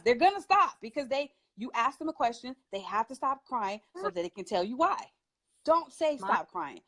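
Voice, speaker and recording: A woman who is a mother, speaking as a talk show guest and giving parenting advice in an emphatic, animated way, laughing often. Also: on the high side. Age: adult with children.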